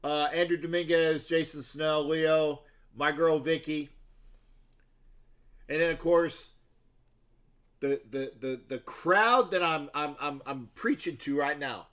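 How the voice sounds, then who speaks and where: A man's voice: on the high side, unhurried, a bit bright. A man hosting a sports talk livestream, chatting loosely with viewers and rambling through stories with many restarts and asides. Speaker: livestream sports show host. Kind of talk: casual rambling livestream chat.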